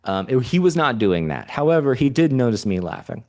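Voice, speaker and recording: An American man from California, co-hosting a podcast and telling a story in casual chat, animated and slipping into voices of the people he met. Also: mid-range voice, fairly quick. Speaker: podcast co-host. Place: remote call.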